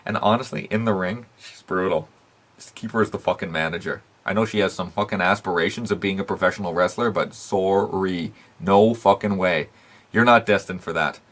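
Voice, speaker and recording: A man's voice: sits low, a little fast. A man hosting a wrestling recap show, talking casually and bluntly, swearing constantly between fillers and short laughs. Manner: animated rants with frequent fillers and laughs. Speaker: wrestling podcast host.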